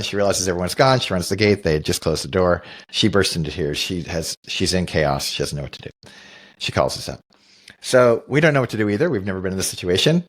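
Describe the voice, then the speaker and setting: A middle-aged man co-hosting a podcast, telling a personal story in an earnest, reflective way and often restarting his sentences. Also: lowish voice. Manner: earnest, thoughtful, with frequent restarts. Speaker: podcast co-host. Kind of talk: reflective storytelling in casual conversation.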